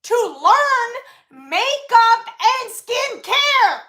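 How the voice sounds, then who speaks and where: High, bright-voiced New woman scolding. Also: animated, drawn-out words. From Brooklyn, New York. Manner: indignant, scolding, emphatic. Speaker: makeup livestreamer. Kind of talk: livestream rant. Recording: echoey room.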